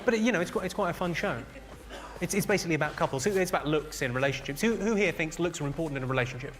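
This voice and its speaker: Rapid-fire and lively in intonation, this middle-aged English comic's high-leaning voice drives his dry, crude crowd work. He teases the audience on stage at a comedy venue while loud crowd noise fills the live recording.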